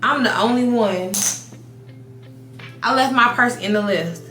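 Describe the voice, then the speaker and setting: A woman in her thirties telling a casual storytime while doing her makeup, animated, swearing, restarting her sentences. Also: a little high, measured pace, echoey room, faint music behind. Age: 30s. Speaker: beauty vlogger. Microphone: compact camera mic.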